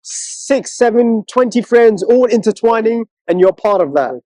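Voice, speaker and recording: A man, chatting as co-host in a casual interview and telling stories, often mimicking other people in a high mocking voice. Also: animated, normal speed, mellow, no echo, low-quality recording. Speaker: co-host, one of twin brothers.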